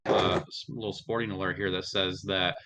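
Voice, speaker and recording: Low, bright-toned man stammering his opinions. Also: fairly even intonation, normal speed, slight background noise. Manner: stammering restarts, hedging opinions. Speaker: podcast guest. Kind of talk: casual sports chat.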